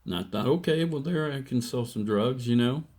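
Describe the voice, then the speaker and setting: A man in his sixties giving a plainspoken personal testimony, telling his story slowly and acting out the quotes. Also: mid-range voice, animated, darkish tone. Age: 60s. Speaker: testimony speaker.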